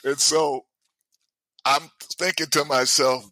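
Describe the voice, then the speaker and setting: A man in his sixties, a former ballplayer, telling stories in a casual, animated way, laughing often and acting out the people in them. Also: on the high side, slow pace, creaky, no echo. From United States. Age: 60s. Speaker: guest, former baseball player. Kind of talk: casual storytelling.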